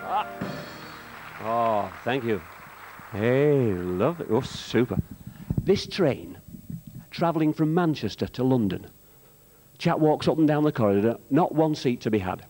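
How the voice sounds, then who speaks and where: A man doing stand-up jokes on a theatre stage, telling them briskly with quick asides. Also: medium pitch, expressive, darkish tone. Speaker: comedian and singer. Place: theatre stage, live show.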